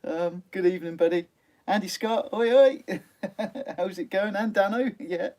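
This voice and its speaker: A man hosting a live fishing stream, chatting casually and reading out viewer comments, laughing often and filling pauses with "um". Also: high-pitched, fairly even intonation, darkish tone. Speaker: sea angling channel host. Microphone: phone.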